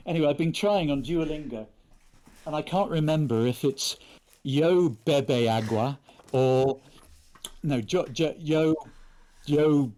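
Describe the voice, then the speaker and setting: A man's voice: a little high, unhurried, pauses often, warm tone. A man from England chatting casually and playfully on a live stream while he signs prints for fans. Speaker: actor signing prints for fans.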